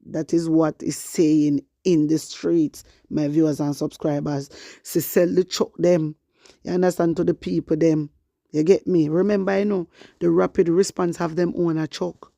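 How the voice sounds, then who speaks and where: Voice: medium pitch, level tone, normal speed, gravelly, warm tone, no echo, clean studio sound. A fiery online commentator with a Jamaican accent, talking to viewers and mixing patois with standard English.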